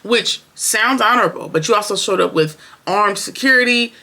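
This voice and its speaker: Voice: medium pitch, normal speed, sharp tone. A show reviewer recapping an episode in casual, opinionated, slangy chat, talking straight to viewers.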